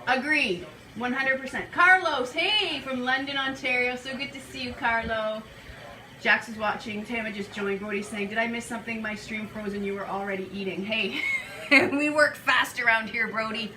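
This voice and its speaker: A woman's voice: a little high, normal speed. A woman hosting a casual live cooking demo, chatty and full of fillers, talking to viewers as you guys. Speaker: cooking show host. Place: kitchen counter. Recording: clattering kitchen dish noise. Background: cutlery and pot clatter.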